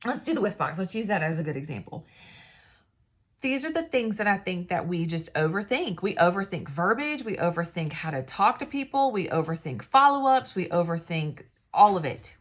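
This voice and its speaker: A woman's voice: mid-range voice, very animated, normal speed. A woman giving casual, rambling sales advice, often losing her train of thought. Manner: rambling, chatty, self-interrupting. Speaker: independent sales consultant. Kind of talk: casual talking-to-camera advice.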